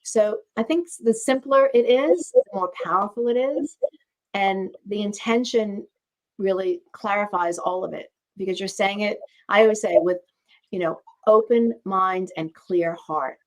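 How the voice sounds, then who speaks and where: A woman's voice: medium pitch, measured pace, a little mellow. A woman with a mid-range voice hosts a conversational wellness talk. She explains earnestly and often repeats her phrasing to drive a point home. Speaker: host and doctor.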